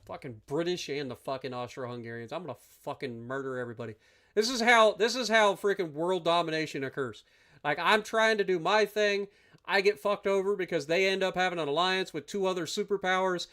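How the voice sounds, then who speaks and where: A man's voice: high-pitched, a little fast, a bit bright. Profane ranting male game streamer. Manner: profane, ranting and swearing at the opponents. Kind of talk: live gameplay commentary.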